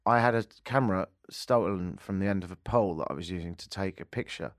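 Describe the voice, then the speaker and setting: A man's voice: low-pitched, quick pace, dry recording. A man with a Canadian accent hosting a talk radio show, mocking the news with dry humor. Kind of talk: sarcastic talk radio monologue. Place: radio studio.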